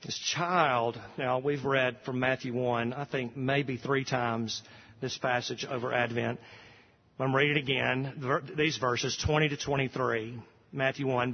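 Male pastor, earnest sermon delivery, slow emphatic scripture reading, muffled lo-fi sound. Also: mid-range voice, steady tone, long reverb tail.

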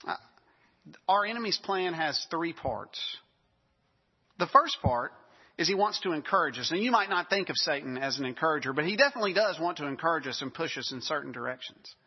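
A man's voice: fairly high pitch, expressive, a little fast, slightly rough, long reverb tail, dull audio. A man preaching a sermon in a conversational way, with self-deprecating asides.

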